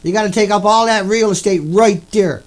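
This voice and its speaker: A video blogger rants angrily and repetitively at his viewers, swearing often. His voice is high and brisk.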